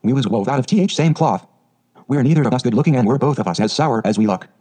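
A man voicing a surly old male gardener from the Yorkshire moors, speaking bluntly in a gruff Yorkshire accent. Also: mid-range voice, lively intonation, fast talker, mellow. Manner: blunt, gruff dialect speech.

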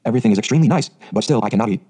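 Guy reading as a chatty dreamy orphan girl, fast and mellow, husky edge, storybook. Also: lowish voice, lively intonation. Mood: despairing. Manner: dreamy, gushing, dramatic phrasing. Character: eager talkative orphan girl of eleven.

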